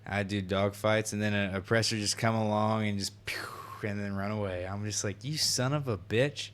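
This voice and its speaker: A man's voice: fairly low pitch, steady tone, moderate pace, fairly bright tone. A nineteen-year-old man chatting casually on a podcast, laughing, swearing and acting out what people said. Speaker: podcast co-host. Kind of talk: casual chat.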